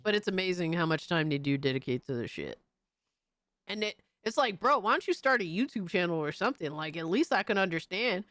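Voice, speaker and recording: A woman streamer giving casual commentary, animated and mocking, swearing freely. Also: on the low side, a little fast.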